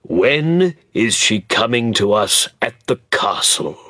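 A dignified old aristocrat, grave and measured, his words slow and weighty, as the narrator puts him on. The voice is low and a little husky, with a dry, close sound and no room around it. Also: big pitch swings, sharp tone, no room sound, heavily acted. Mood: grave, tender. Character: stern old earl softening, male, aristocratic.

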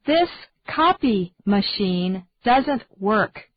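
A woman slowly repeating English phrases in a carefully enunciated language-drill style. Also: medium pitch, sing-song, no room sound. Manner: clear, deliberate, measured delivery. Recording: dull, dry lo-fi studio recording.

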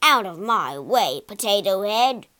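A woman voicing a boastful, booming man in a storybook reading, loud and brash. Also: wildly swooping pitch, takes it slowly, heavily acted. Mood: scornful.

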